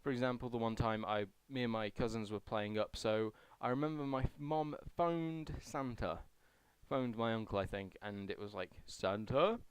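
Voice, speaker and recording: A man's voice: medium pitch, moderate pace, smooth, no room sound. A young man vlogging casually as he answers a survey, chatty and rambling with self-deprecating asides. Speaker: YouTuber.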